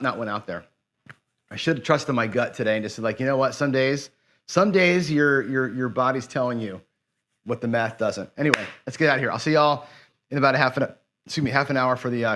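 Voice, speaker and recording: A man's voice: mid-range voice, brisk, fairly bright tone. Frustrated man muttering on a live stream. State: dejected after a loss. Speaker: host of a live craps stream.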